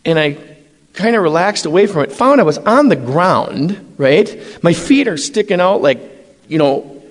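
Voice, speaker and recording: A middle-aged man, a priest telling his own story with animated emphasis. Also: sits high, a little slow. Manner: animated, emphatic, acts out dialogue. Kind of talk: personal testimony storytelling. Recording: long hall reverb.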